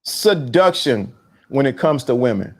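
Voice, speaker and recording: A middle-aged man hosting a casual live stream, talking in slang, repeating himself and giving shout-outs to viewers. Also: mid-range voice, big pitch swings, measured pace, husky. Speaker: host of a talk show on dating game. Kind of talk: casual live-stream talk reading chat.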